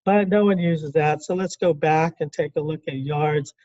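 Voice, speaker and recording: A man teaching a classroom lecture in a conversational way, asking the class questions and acting out quick quotes. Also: on the high side, mellow, no room sound, highs cut off. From California.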